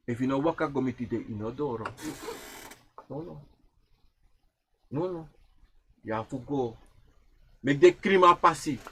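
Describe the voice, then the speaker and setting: A man giving a spoken teaching on ancestral tradition over a livestream. He repeats phrases in a chanting way and swings from loud to hushed. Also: high-pitched, husky. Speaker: livestream speaker.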